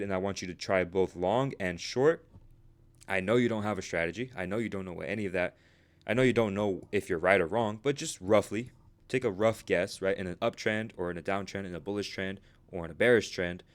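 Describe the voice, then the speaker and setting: A man with a low voice teaching a casual video lesson at a rapid clip. He is chatty and keeps checking in with "right?" after each point, sounding slightly out of breath. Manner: fast, chatty, says "right?" constantly. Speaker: trading instructor.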